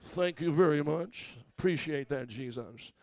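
A man voicing a snooty male wine connoisseur, speaking in an affected, drawn-out tasting voice. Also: fairly high pitch, no echo, voice pushed down, lightly acted.

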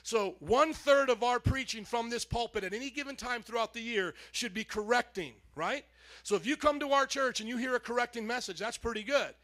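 Man, pastor, lively sermon introduction, joking, high-pitched voice, church sanctuary. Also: a little fast. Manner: lively, joking, calls on the congregation to respond.

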